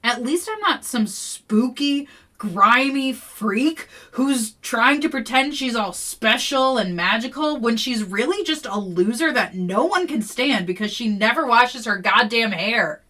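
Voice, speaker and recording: Podcaster doing an exasperated teen girl snapping back, bright edgy tone, a bit off-mic. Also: mid-range voice, big pitch swings, measured pace, recorded from a distance, exaggerated voice.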